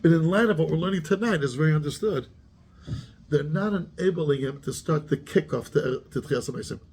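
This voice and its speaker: A man's voice: on the high side, brisk, darkish tone, husky. A man, a rabbi giving a Torah class who keeps asking his students questions and mixes Hebrew terms into his English.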